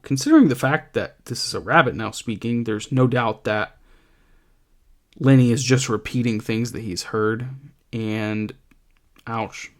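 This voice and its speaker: A male teacher walks students through a novel in a calm, conversational lesson. He talks slowly and pauses often with ums. His voice sits at a middling pitch. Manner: thoughtful, gently conversational, with frequent ums. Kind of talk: literature lesson with read-aloud excerpts.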